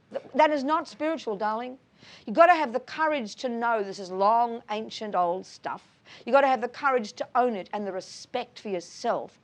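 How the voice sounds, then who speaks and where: Woman, lecturer, blunt, emphatic, fairly high voice, affectionate pet names, tag questions. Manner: blunt, emphatic, calls listeners darling and sweetheart; asks listeners tag questions. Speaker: Buddhist teacher giving a talk. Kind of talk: lively lecture with audience questions.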